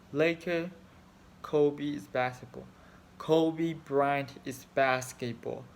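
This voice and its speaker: A man in his thirties from China speaks English with a Chinese accent in a mid-range voice. He rambles emotionally and swears freely, and his phrasing is broken in the way of a non-native speaker. A faint hum of room noise sits behind him. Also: mid-range voice. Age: 30s. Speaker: fan. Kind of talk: emotional personal vlog.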